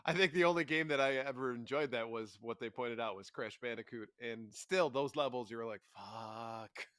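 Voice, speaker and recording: Bright-voiced laid-back man, dry mic. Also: medium pitch, moderate pace, clear, resonant tone, no room sound. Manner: laid-back, swears, laughs often. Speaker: podcast co-host. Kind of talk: casual chat.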